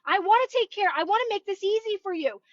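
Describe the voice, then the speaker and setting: The universe as a coaxing, begging presence that wants to take care of everything, as a woman puts it on, lifted well above her usual high voice. The sound is dull and lo-fi. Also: animated, fast talker, no echo. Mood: pleading. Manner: coaxing, begging, pitched higher. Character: pleading caring universe, eager to help.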